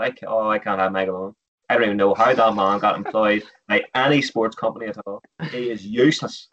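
A man with a fairly low voice sits well back from a dull, muffled mic. He rants bluntly about football pundits, swearing freely in casual podcast chat. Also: fairly even intonation, fast, a bit bright, distant mic. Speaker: podcast co-host.

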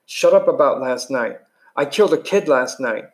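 A scared, guilt-ridden teenage runaway, read by a man in a voice close to his own. The boy sounds plain and unpolished, mid-pitched, with a read-aloud feel like a storybook chapter told at home. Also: expressive, normal speed, natural voice. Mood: anguished. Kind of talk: reading a novel aloud.

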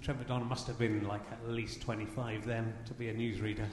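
A man's voice: medium pitch, little pitch movement, brisk. A middle-aged man, a guest on a live comedy podcast, reasoning aloud in a wry, rambling way. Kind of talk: live stage chat. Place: live theatre venue with audience. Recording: echoey hall, background noise.

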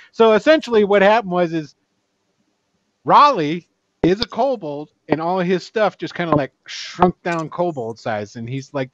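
A man narrating as game master, rambling and animated, laughing often. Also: high-pitched, no room sound, muffled recording.

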